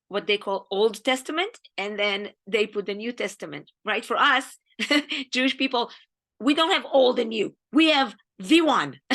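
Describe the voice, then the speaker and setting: A woman's voice: a little high, fairly bright tone. A woman with an Israeli accent gives an earnest, grieving talk on the weekly Torah portion, speaking in short emphatic phrases. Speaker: Jewish teacher.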